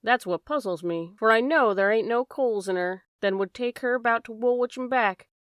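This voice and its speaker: A woman's voice: a little high, normal speed, clean tone, no echo, studio quality, lightly acted. Woman voicing a worried boatman's wife. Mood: anxious. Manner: homely, dropped endings, worried run-on talk. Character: stoutish red-faced boatman's wife, anxious, chatty. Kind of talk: audiobook character voicing.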